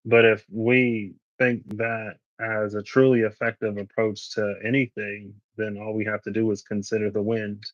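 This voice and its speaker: A man's voice: on the low side, flat delivery, normal speed, hardly any pauses, dry recording, dull audio. A man reading tarot for a casual vlog, chatting and musing as he reads card meanings aloud. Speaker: tarot reader.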